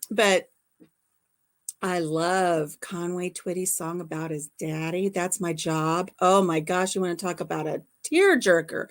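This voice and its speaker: An older woman hosting a casual livestream chat, telling stories warmly and laughing often. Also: on the low side. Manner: chatty storyteller, laughs often. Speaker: livestream host.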